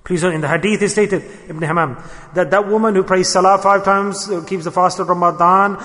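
A man's voice: high-pitched, fairly even intonation, fairly quick, pushed and bright. Impassioned male preacher in an echoing hall. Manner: impassioned, rising and falling emphasis. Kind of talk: sermon. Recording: long hall reverb.

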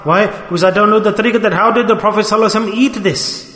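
A man's voice: sits high, fairly even intonation, fairly bright tone. A male preacher, telling a moral story in a sermon with urgent, repeated questions. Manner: urgent, questioning, repeats phrases, rapid bursts. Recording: echoey hall reverb.

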